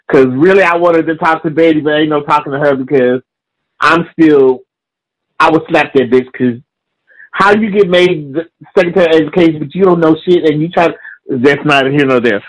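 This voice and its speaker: A man's voice: fairly high pitch, a bit bright, low-quality recording. A man in a heated, profane comedic rant, insulting people and repeating lines for emphasis.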